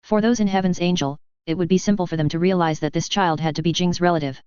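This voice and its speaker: A narrator reading a fantasy web novel aloud in a steady, even audiobook style. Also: mid-range voice, fast, clear, resonant tone, dry recording, highs cut off.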